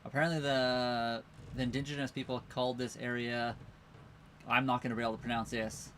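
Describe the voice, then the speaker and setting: A man's voice: mid-range voice, little pitch movement, brisk, fairly bright tone, a little hiss or hum. Easygoing man chatting on a boat livestream. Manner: easygoing, rambling, reads viewer comments aloud. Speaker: live stream host. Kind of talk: casual live stream chat. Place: on a sailboat at a marina.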